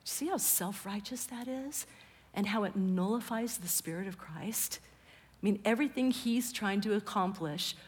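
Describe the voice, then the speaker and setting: Lady preacher, slow and breathy, chatty sermon, sometimes whispers, long reverb. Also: mid-range voice. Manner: conversational, drops to a whisper for emphasis.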